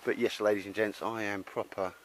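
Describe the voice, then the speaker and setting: Speaking fairly quickly in a flat, fairly low voice, a laddish outdoor gear vlogger with a London Cockney accent calls everyone mate. He's chatting casually outdoors at a campsite as he shows a tarp shelter.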